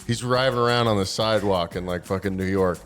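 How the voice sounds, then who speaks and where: Brief: low-pitched male podcast host, profane, rambling storyteller, faint music under. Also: fast. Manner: profane, storytelling, animated retelling. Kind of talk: casual comedic chat.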